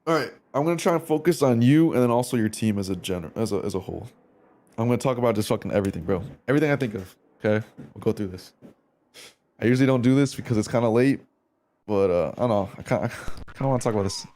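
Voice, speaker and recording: This streamer talks quickly and expressively in a mid-range voice with a darkish tone. Reviewing a replay of a match, he chats casually with his audience, full of slang and swearing as he thinks aloud.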